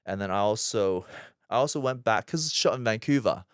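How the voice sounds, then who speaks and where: A man's voice: lowish voice, animated, fairly quick, clear, resonant tone, no room sound, studio quality. A man in his thirties, an actor guest telling personal stories in a chatty, self-deprecating way with loose fillers. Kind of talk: casual interview storytelling.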